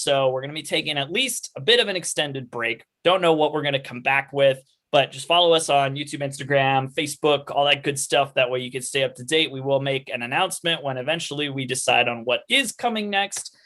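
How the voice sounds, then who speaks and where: A man's voice: mid-range voice, fairly quick, hardly any pauses. A man hosting an online livestream, thanking the cast in a rambling, casual way over a video call. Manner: rambling, with fillers and restarts, warm thanks. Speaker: host and organizer of online live readings. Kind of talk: casual wrap-up chat on a livestream.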